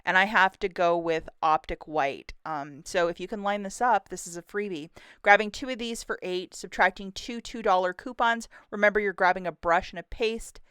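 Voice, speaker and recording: A woman's voice: medium pitch, moderate pace, fairly bright tone, smooth, dry recording, clean studio sound. A woman hosting her own couponing channel, walking through the week's store deals in a bubbly, chatty, upbeat way. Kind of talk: deal rundown vlog.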